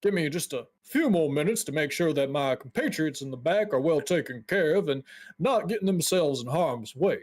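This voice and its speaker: A man voicing a polite, busy dwarf from a mage guild, speaking in a courteous, slightly hurried way. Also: fairly high pitch, expressive.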